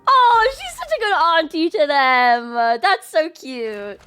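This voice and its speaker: A woman streaming her gameplay, her voice very high and bouncing all over as she gushes and squeals. She talks slowly, drawing out her excitement. Laughter keeps breaking into her reactions. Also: faint music behind. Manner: gushing, squealing, laughs often.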